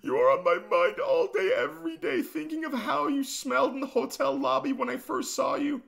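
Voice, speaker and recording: A man voicing an obsessed, lovesick young man who reads his own pleading messages in a high, whiny voice. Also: expressive, normal speed, gravelly, a bit bright, heavily acted.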